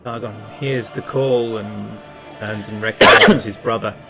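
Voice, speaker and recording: A man's voice: lowish voice, steady tone, a little slow, creaky, over loud music. A man playing a tabletop game, narrating his character in a plain, hesitant way. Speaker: player.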